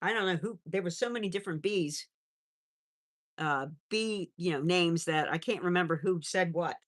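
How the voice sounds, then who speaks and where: At a moderate pace and in a lowish voice, a middle-aged woman runs a relaxed live chat on her pet stream. She reads viewer comments aloud and talks baby talk to her pets.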